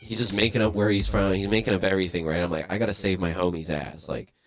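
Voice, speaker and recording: Low-voiced man telling a profane story. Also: fast, soft background music. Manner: profane, animated anecdote with acted-out quotes. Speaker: livestream host. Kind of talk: casual storytelling on a stream.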